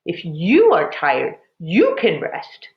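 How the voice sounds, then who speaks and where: A woman's voice: fairly low pitch, wildly swooping pitch, takes it slowly, creaky, reverberant, full character voice. A woman doing a fierce, stubborn mother. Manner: firm, clipped insistence. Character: weary, fierce, determined mother. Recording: dull lo-fi recording.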